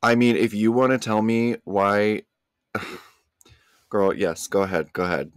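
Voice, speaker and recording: Slow, low-voiced, exasperated male guest. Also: steady tone, clean tone, no echo. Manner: dry, exasperated. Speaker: podcast guest. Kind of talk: casual comedic chat.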